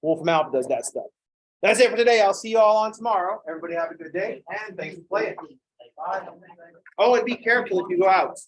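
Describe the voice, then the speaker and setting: A man giving a math lecture, joking with sarcastic asides and acting out students in quick voices. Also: high voice, animated, low-quality recording. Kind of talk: recorded classroom lecture.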